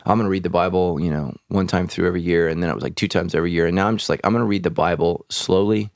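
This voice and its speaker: A man's voice: sits low, rapid-fire, creaky, no echo, clean studio sound. A man, a pastor answering listener questions in a casual podcast chat, speaking frankly with joking asides and frequent restarts.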